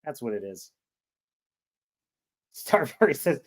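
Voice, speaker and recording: A man's voice: a little high, lively intonation, moderate pace. A man from California with a Californian accent, hosting a casual livestream and joking his way through rambling commentary. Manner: rambling, joking, reads chat aloud. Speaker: livestream show host.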